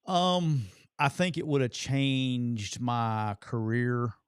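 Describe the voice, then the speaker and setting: A man who co-hosts a radio call-in show and once coached college football, speaking in an earnest, reflective way with pauses. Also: medium pitch, fairly even intonation, clear, resonant tone, no room sound, studio quality. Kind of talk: casual radio call-in chat.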